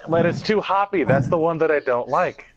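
Young dude trash talking over a game, swears a ton, voice jumps around. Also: male voice, on the high side, lively intonation, dull audio. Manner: brash, swearing, quick banter. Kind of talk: casual gaming chat.

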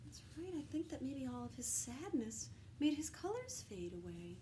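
A woman teacher reading a picture book aloud to young children, gently pausing to ask them questions. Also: high voice, big pitch swings, a little hiss or hum, low-quality recording. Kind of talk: storybook read-aloud for children.

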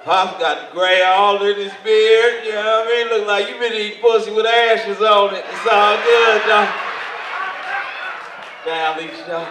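A man doing stand-up comedy in a large hall, telling his story loudly and with lots of swearing. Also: high voice, unhurried. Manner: loud, profane, animated storytelling. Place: large hall in front of a live audience. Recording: echoey hall, voice from far, noisy.

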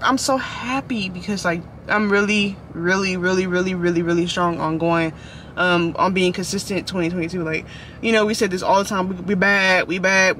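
High, bright-voiced chatty young man. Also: a little hiss or hum. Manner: rambling, chatty, apologetic. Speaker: vlogger. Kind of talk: casual chat. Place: inside a parked car.

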